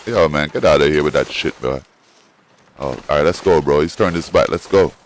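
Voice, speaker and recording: A man giving casual let's-play commentary, excitable and profane, trash-talking and calling to his in-game dog. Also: a bass voice, fairly quick, a little hiss or hum. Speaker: gamer and streamer.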